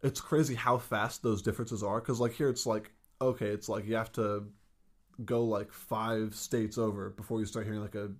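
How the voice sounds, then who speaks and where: A young male host in his twenties chatting casually. His voice sits low. He halts often, stacking "like" and restarts as he wonders aloud. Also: little pitch movement. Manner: halting, filler-heavy questions and musings. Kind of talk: casual chat.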